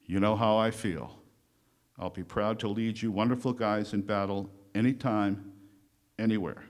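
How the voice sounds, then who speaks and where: A gruff, profane army general barking orders at his men, declaimed by a man in a talk. The voice is pitched higher and louder than his everyday talk, booming and blustering. It rolls crude threats out like a rallying cry. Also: fairly even intonation, moderate pace, lightly acted. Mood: fierce, rousing. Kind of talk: declaimed speech recitation.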